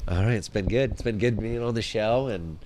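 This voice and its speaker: A man in his thirties, a podcast guest in casual chat, animated and laughing often as he swaps stories and swears freely. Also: fairly low pitch, brisk, slight background noise.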